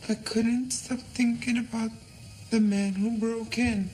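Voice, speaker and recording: A woman's voice: on the high side, fairly even intonation, takes it slowly, dark tone. An actress in a TV drama playing a shaken woman who accuses a man of lying. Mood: accusing. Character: shaken woman confronting a liar. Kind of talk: TV drama acting. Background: music score.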